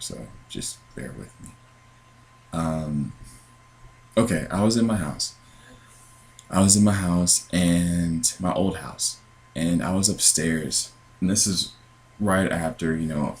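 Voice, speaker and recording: A man's voice: deep voice, a little mellow, rough recording. A man telling his dreams in a casual, earnest testimony, meandering with many fillers and restarts. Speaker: Christian podcaster sharing dreams. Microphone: computer with headphones.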